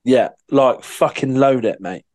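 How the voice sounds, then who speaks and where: A man chats in casual podcast banter, eager and teasing as he eggs his co-host on. His delivery is quick to get excited. The sound is dry and close. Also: mid-range voice, dry recording.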